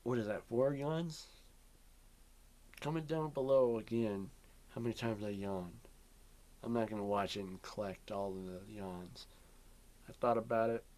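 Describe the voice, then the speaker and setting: A man's voice: on the low side, measured pace, pauses often, a little mellow. A young man rambling through a casual vlog from his bedroom at home, drifting between topics with lots of ums and yawns. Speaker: vlogger.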